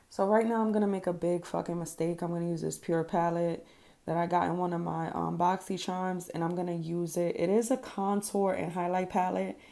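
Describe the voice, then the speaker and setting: A woman with a fairly low, creaky, dark-toned voice narrates her makeup routine as a vlogger. The voice-over is casual and candid, with free swearing and plenty of ums.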